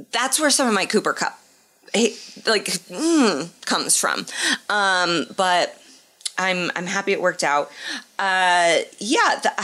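Female co-host, low-ish bright voice, lively joking sports talk. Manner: animated, laughing, mock-outraged asides. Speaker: podcast co-host. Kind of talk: casual sports chat.

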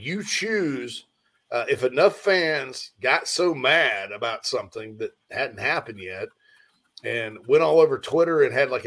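A man hosts a laid-back sports talk livestream, rambling with animated energy as he reads out viewer comments. He yawns and seems distracted, and his voice sits in the mid range.

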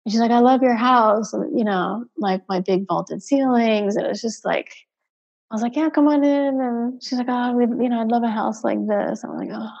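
A woman's voice: fairly high pitch, moderate pace, vocal fry. Woman, interviewed parent, candid storyteller, acts out quotes, filler-heavy, muffled recording. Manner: animated, acts out quoted dialogue, many fillers. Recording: dull, muffled sound.

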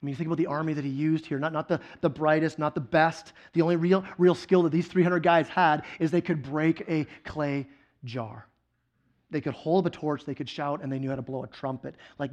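A male guest preacher delivers a sermon, telling the story with animated swings between loud excitement and quiet intensity. His pitch is fairly high.

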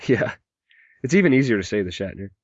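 A man's voice: lowish voice, sing-song, a little fast, a little mellow, slightly rough, no room sound. A man hosting a podcast, rambling from one joke to the next while he reads out listener messages. He mentions a mild migraine. The recording is dry and close, with a dull, lo-fi sound. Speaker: podcast host. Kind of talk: casual podcast chat.

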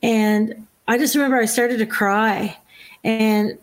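Earnest woman, higher voice. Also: takes it slowly. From Newfoundland. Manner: earnest, animated storytelling with frequent fillers. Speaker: singer guest. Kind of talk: casual podcast chat.

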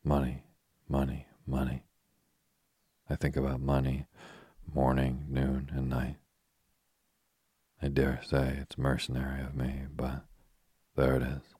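Brief: a man voicing a restless, frank young woman in a storybook, very deep, husky and flat. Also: no echo, clean studio sound, exaggerated voice. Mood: wistful. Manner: soft, even, unhurried reading.

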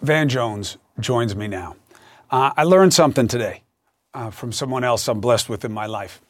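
A man's voice: mid-range voice, moderate pace, dry recording, clean studio sound. A man hosting a news show, introducing stories and guests in an emphatic, conversational way. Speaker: host. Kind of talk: news commentary and interview.

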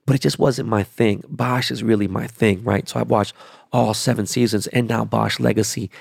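Profane rambling man, low voice. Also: fairly even intonation, moderate pace, gravelly, breathy edge, no room sound, studio quality. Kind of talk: casual profane monologue.

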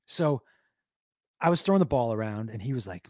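A brisk, mid-range male voice belongs to a comedian streamer who reads his live chat and tells casual stories. He curses a lot, stays animated and throws in silly noises; the audio is clean studio sound with no room tone.

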